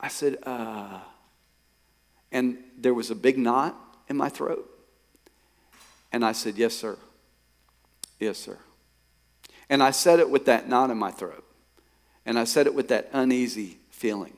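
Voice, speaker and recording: A man preaching in a mid-pitched voice. He tells a personal story and often drops low and quiet, then builds to loud, emphatic peaks. The sound carries a long, lingering reverb from a large hall. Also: measured pace, pauses often. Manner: storytelling, rising to emphatic bursts. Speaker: pastor. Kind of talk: sermon.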